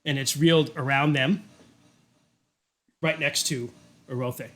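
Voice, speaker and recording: A man's voice: mid-range voice, fairly even intonation, unhurried, a bit bright. A man narrating a tabletop game as game master, casual and rambling, with lots of fillers and some swearing.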